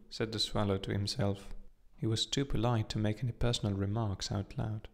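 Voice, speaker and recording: A man reading a fairy tale aloud as an audiobook narrator, measured and expressive. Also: fairly low pitch, creaky. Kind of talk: scripted storybook narration.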